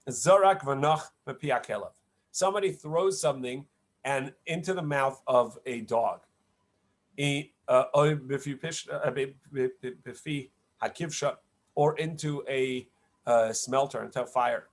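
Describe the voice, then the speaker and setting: A man, a rabbi, giving an online Talmud lesson, explaining each passage in an unhurried, halting way with many fillers and restarts. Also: mid-range voice. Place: home setup, online class.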